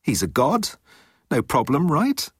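A man voicing an anxious, flustered young man with a high, pleading way of talking. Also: wildly swooping pitch, a little slow, husky, no echo, studio quality, heavily acted. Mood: worried.

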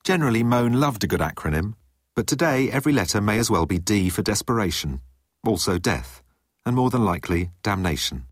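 A man reading a story aloud as narrator, in a lively storytelling way. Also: fairly low pitch, a little fast, dry recording, clean studio sound. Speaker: audiobook narrator. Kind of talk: scripted narration.

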